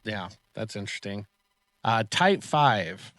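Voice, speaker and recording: A man's voice: lowish voice, sing-song, slow pace, a bit bright, no echo. A man co-hosting a casual podcast, reading out terms and definitions and giving short affirming replies. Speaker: podcast co-host quizzing on terms.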